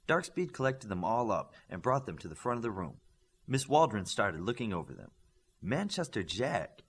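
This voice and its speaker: A man reading a novel aloud as an audiobook narrator, raising his voice for dialogue and dropping low for the speech tags. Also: big pitch swings, fairly quick, husky. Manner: lifts pitch and volume for dialogue, drops low for tags.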